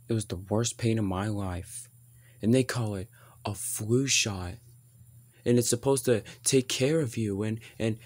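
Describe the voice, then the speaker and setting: A young performer voicing a sulky, injured toy boy who grumbles in a low voice during a toy play-acting video. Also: a little mellow.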